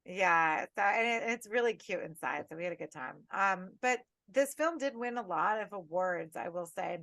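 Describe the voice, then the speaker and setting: A woman co-hosting a casual horror podcast, ranting with lots of swearing in an animated, tipsy way. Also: mid-range voice, moderate pace, dry recording. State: tipsy and tired. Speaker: podcast co-host.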